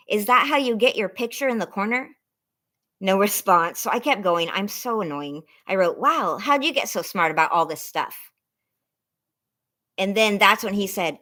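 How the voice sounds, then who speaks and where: A woman's voice: mid-range voice, a bit bright. Rambling self-conscious woman vlogger. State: close to tears. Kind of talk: casual chat to viewers.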